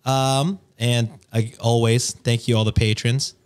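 A man's voice: mid-range voice, level tone, a little slow, smooth. A man co-hosting a podcast, chatting and joking in an easygoing way with lots of fillers. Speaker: podcast co-host. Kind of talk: casual podcast banter.

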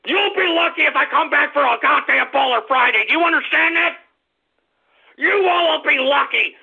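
A man hosting a radio show, angry and swearing, often breaking into shouts. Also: very high-pitched, normal speed, gravelly, slight background noise. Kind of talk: profane ranting radio talk. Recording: dull lo-fi radio recording.

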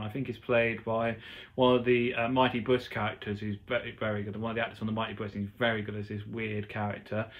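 A man hosting his own podcast, giving a chatty, rambling, enthusiastic review of a TV episode. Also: fairly low pitch. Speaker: podcast host. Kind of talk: casual solo TV review.

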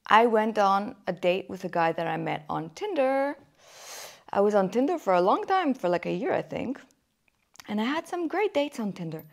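A woman's voice: mid-range voice, creaky. A woman in her thirties hosting a podcast, chatting candidly about dating and acting out quotes as she tells stories. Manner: chatty, candid, animated storytelling with acted quotes. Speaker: podcast host. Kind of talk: casual chat about dating. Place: Germany.

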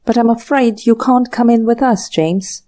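A woman's voice: a little high, moderate pace, warm tone, pitched above the performer's own voice, lightly acted. A woman reading aloud, voicing a giggly, haughty young woman with an arch, prim manner.

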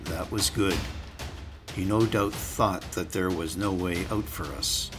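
A man narrating an audiobook in the first person in a measured, deliberate way. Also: sits low, fairly even intonation. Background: music.

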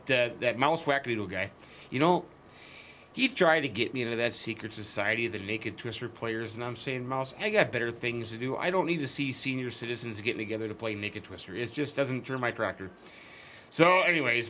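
Folksy man with a bright voice. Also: medium pitch, a little hiss or hum. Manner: folksy, chatty storytelling with jokey asides and exclamations. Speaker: gaming channel host. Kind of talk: in-character let's-play commentary.

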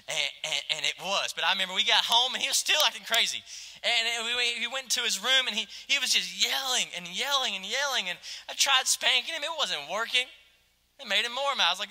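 A male pastor preaching a passionate sermon, swinging from loud exclamations to hushed, quiet asides. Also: on the high side, brisk. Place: church sanctuary. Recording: long hall reverb.

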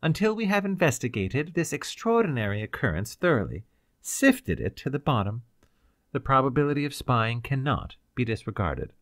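A commanding older scientist snapping out orders in a raised, emphatic voice, as a man reads him. His delivery is clipped and formal, with a lively rise and fall. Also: medium pitch, normal speed, no echo, clean studio sound, voice pushed up, close to an everyday voice. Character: brusque senior scientist, commanding, secretly villainous.

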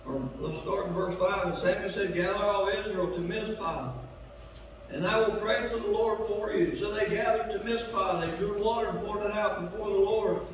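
A man preaching a revival sermon as pastor, swinging between loud urging and low asides. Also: steady tone, moderate pace, crowd noise. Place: church sanctuary. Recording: echoey church hall from far off.

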